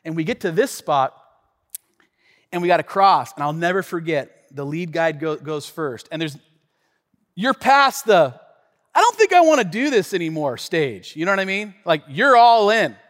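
A man with a high voice preaches in an animated, chatty way, often turning to the listeners with asides. His voice rings out with a long reverb from a large hall. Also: measured pace. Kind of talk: sermon storytelling.

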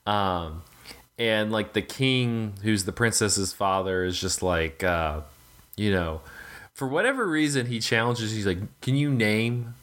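A man with a somewhat low voice talks through a film in loose podcast chat. He rambles, piles up fillers and restarts, and swears casually. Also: expressive, measured pace, a bit bright. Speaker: podcast co-host.

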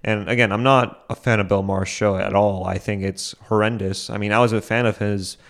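A man's voice: fairly low pitch, fairly even intonation, a little fast, vocal fry. Rambling young man hosting a solo podcast. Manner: rambling, full of fillers and asides; self-deprecating, chuckles often. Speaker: podcast host.

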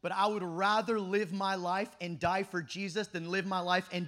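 Young male preacher, very high and bright, fervent and shouty, swings to quiet asides. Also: flat delivery, normal speed, hardly any pauses, a little hiss or hum. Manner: impassioned, often shouting, swings between loud and hushed. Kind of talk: youth camp sermon.

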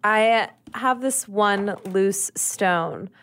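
A woman playing a tabletop game, describing her character's actions in an animated, giggly, excitable way. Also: mid-range voice, extremely slow. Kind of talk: casual in-character play.

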